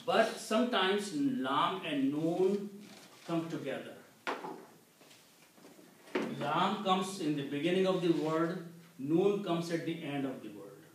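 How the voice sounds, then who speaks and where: A man teaching a classroom Quran lesson, explaining slowly and checking in with "okay" as he repeats each point. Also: a little high. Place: community center classroom. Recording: very echoey room, distant mic, faint noise.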